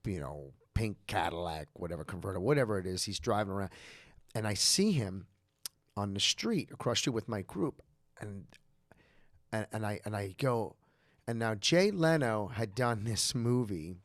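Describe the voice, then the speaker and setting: A man's voice: fairly low pitch, normal speed, no room sound, clean studio sound. A man, casually telling a story on a podcast, rambling with fillers and perking up when he quotes people. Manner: rambling with many fillers, lively when quoting others. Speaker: podcast co-host.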